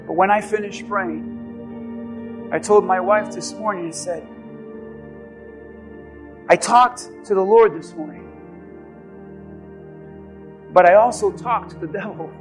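A male pastor with a very high voice delivers a sermon, swinging between hushed passages and fervent shouts. Soft music plays faintly beneath him. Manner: impassioned, rising to shouts then dropping low. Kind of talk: sermon with altar call.

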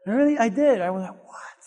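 Male pastor, very high voice, animated sermon delivery with shouts, long reverb of a big hall. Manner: animated, rising to shouts at points.

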